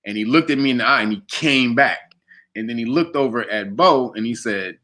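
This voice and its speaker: A man telling a personal story in a casual interview, animated and laughing as he acts out quotes. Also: mid-range voice, fast talker. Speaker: guest.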